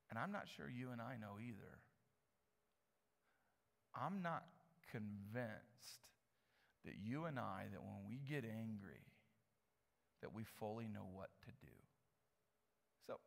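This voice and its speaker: A man's voice: mid-range voice, creaky, a bit bright. Conversational male pastor in a reverberant church. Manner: conversational, repeats words while building a point. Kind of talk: sermon.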